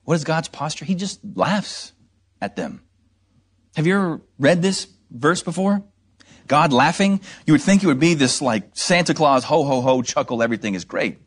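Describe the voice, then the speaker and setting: A man's voice: on the high side, sing-song, moderate pace, slightly rough. A man preaching an expository sermon, explaining scripture verse by verse with rhetorical questions and mocking asides.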